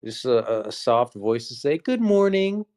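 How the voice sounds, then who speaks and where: A man's voice: medium pitch, steady tone, moderate pace, no room sound, studio quality. A man co-hosting a casual podcast chat, teasing his friend and explaining himself patiently. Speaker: podcast co-host.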